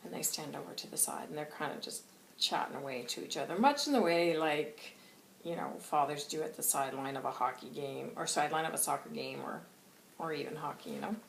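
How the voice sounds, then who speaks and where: A woman channeller with a low, creaky voice chats a little fast through a casual monthly reading, rambling and laughing along the way. The recording sounds roomy, with a faint hiss.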